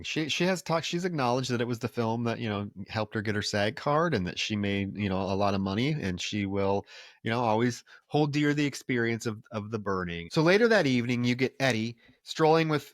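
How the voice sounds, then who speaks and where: A man's voice: mid-range voice, very animated, fairly quick, no room sound, studio quality. A man co-hosting a film podcast, retelling plot scenes in casual chat. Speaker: podcast co-host.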